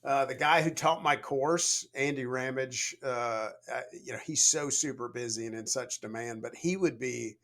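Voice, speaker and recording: A middle-aged man, a leadership coach, chatting as a podcast guest and telling stories in a relaxed way, full of "you know". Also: medium pitch, moderate pace, hardly any pauses. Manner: storytelling, relaxed, frequent "you know" fillers. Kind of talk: conversational podcast interview.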